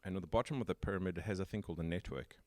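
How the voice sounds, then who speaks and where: A man's voice: sits low, very fast, dry recording. A man hosting a casual tech interview podcast, explaining his points step by step. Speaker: podcast host.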